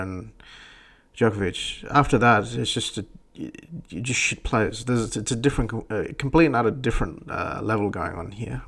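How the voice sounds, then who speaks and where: A man's voice: on the low side, gravelly, breathy edge. A man hosting a podcast, ranting bluntly and profanely in a rambling way. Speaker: podcast host. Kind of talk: profane opinion rant.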